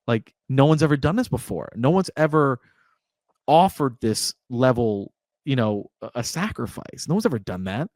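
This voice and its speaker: Guy on a movie podcast, excited, acts out scenes, dry close mic. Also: medium pitch, normal speed, no room sound. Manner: animated storyteller, acts out scenes. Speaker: podcast co-host. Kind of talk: casual movie discussion.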